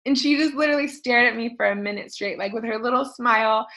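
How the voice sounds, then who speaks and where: A woman in her thirties with a fairly high voice chats casually as a podcast host. She rambles and goes off on tangents, talking with lots of fillers in an animated, personal way. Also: fast, low-quality recording. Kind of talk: casual personal talk to listeners.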